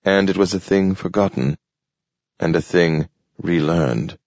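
A man doing a slow, grave old robot. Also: sits low, gravelly, a little mellow, dry recording. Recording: dull lo-fi audio.

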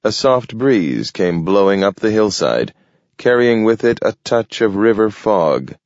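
A deep-voiced male audiobook narrator tells a scripted story slowly, in measured, steady fashion. It's a dull, lo-fi, dry recording with no echo.

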